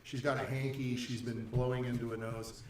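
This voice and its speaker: A man's voice: mid-range voice, little pitch movement, moderate pace, crowd noise. A man narrating as dungeon master of a tabletop game, often repeating words as he goes. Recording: echoey room, distant mic, faint noise.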